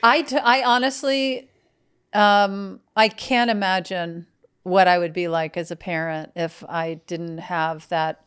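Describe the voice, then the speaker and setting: A middle-aged woman from Mississippi, a guest telling stories in a dry, unhurried, deadpan way. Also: lowish voice, smooth. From Mississippi, USA. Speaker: podcast guest. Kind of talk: casual comedic chat.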